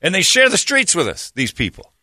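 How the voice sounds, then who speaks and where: In a dry, clean studio recording, a middle-aged radio host talks briskly through casual banter. He rants with profanity, his pitch swinging, and laughs at his own remarks.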